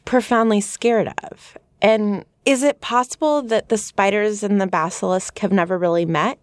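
A woman's voice: medium pitch, no room sound. A woman co-hosting a podcast, talking earnestly and reflectively in a casual discussion. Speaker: podcast co-host.

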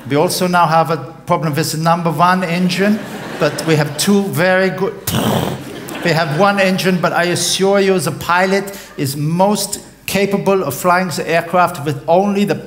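A man voicing a calm, courteous airline captain making formal announcements to passengers in a raised, higher voice. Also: moderate pace, background noise, natural voice. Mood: formal, reassuring. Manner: polite announcing tone, stiffly formal.

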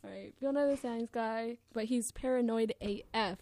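A woman's voice: on the high side, normal speed, dark tone, dry recording, studio quality. A woman guest on a podcast, chatting casually, teasing playfully and laughing often. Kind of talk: casual chat.

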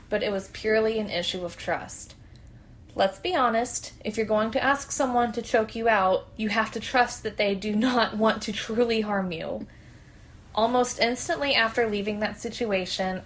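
A woman's voice: mid-range voice, slight background noise. A woman podcast host reading a submitted story aloud in a candid, conversational way.

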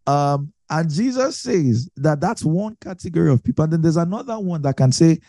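A man's voice: on the high side, animated, normal speed, mellow, no room sound. A man preaching a conversational Bible teaching, chatty and self-correcting, laughing often.

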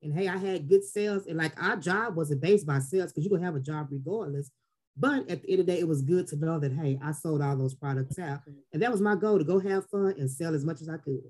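A woman's voice: low-pitched, quick pace. A woman in her forties from the Texas Gulf Coast. She talks casually as a podcast guest and tells her stories with lots of life. She often jumps into the voices of the people she quotes. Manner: animated storyteller who acts out quotes.

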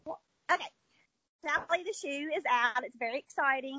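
Chatty high-voiced woman with a twang. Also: normal speed, pushed and bright, no echo, muffled recording. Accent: American Southern twang. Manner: chatty, upbeat storyteller with fillers. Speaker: children's book author, guest. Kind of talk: casual interview chat.

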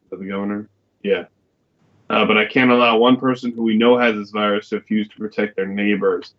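A man hosting a podcast who reads out news stories in a relaxed, hesitant way, with fillers. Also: fairly low pitch, brisk. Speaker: podcast host. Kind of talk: reading news stories aloud in a casual chat. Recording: dull, lo-fi recording.

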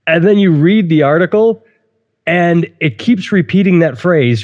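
A man's voice: fairly high pitch, moderate pace, darkish tone, in a large hall. A man hosting a podcast, chatting casually and wryly about odd news stories and reading out quotes. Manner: wry, amused, reads out quotes. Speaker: podcast host. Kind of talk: casual comedic news chat. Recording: slightly dull lo-fi sound.

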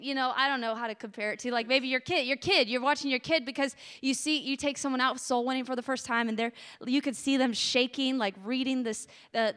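A woman gives an impassioned sermon, her voice high and bright. She builds to emotional peaks as her voice cracks with feeling. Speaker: preacher. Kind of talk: sermon testimony.

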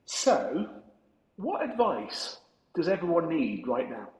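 Man, podcast host, higher voice, enthusiastic, echoey room. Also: very animated, slow pace, a little mellow. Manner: enthusiastic, affirming interjections. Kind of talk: casual interview chat.

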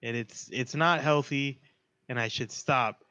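A man's voice: medium pitch, a little slow, pushed and bright, no echo, dull audio. A young man in casual chat, venting his frustration and swearing.

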